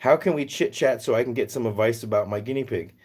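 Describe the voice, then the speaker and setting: Live-stream host from Northern Virginia, mid-pitched man, loose and jokey as he reads the chat. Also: fast talker, darkish tone, husky. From Northern Virginia, US East Coast. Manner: jokey, rambling, answers chat aloud. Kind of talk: casual live chat, reading viewer comments.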